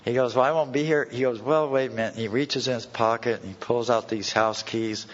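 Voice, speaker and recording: A man's voice: medium pitch, steady tone, a little fast. A man telling a personal story to a recovery meeting in blunt, folksy words with plain slang. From California. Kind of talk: personal story told to a live audience. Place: meeting hall. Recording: dull old tape recording with long hall reverb.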